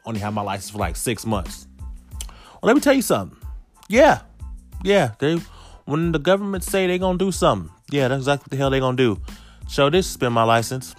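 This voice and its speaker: Animated man in his thirties telling stories. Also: mid-range voice. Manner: animated, piles up rhetorical questions, casual cursing. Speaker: storyteller addressing viewers. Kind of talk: casual storytelling monologue.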